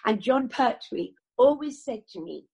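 An older woman recounts her acting career with lively, animated storytelling. Her voice sits a touch high and carries a husky, breathy edge. She slips into little acted voices when she quotes people. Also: a little slow. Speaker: actress. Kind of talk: interview chat.

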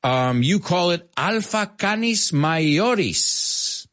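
A man teaching English on a live stream, playful and animated, often laughing at his own jokes. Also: sits high, slow. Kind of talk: casual live-stream language lesson.

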